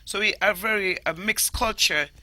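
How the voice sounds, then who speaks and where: Forceful Jamaican woman storyteller. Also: mid-range voice, moderate pace, no room sound. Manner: animated, explanatory, stresses words emphatically. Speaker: storyteller guest. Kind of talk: interview conversation.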